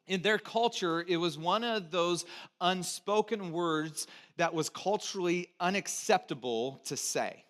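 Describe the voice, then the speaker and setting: A man preaching a sermon as pastor, talking conversationally to the congregation and swinging between loud emphasis and quiet, low asides. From United States (Texas, California). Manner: conversational, invites congregation to repeat words.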